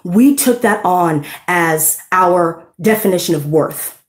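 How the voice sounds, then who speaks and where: A woman's voice: on the low side, takes it slowly. Blunt, profane woman ranting in an echoey room. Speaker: tarot reader. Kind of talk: unscripted tarot reading rant.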